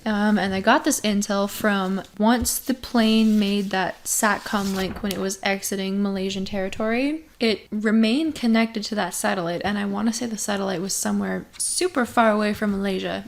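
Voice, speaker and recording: A woman co-hosting a podcast in casual chat, explaining things quickly with lots of "like" and getting heated. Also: mid-range voice. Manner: fast, filler-heavy and heated when explaining. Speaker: podcast co-host.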